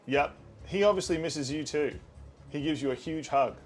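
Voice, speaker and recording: Male game master, easygoing playful narration, soft music underneath. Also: on the high side, normal speed. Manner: casual, descriptive, playful.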